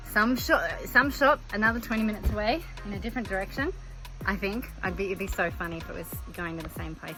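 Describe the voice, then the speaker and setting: A woman's voice: mid-range voice, bright, forceful tone, poor audio. A woman talking openly to the camera in a casual personal vlog, thinking aloud as she goes. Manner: chatty and open, thinking aloud. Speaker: vlogger.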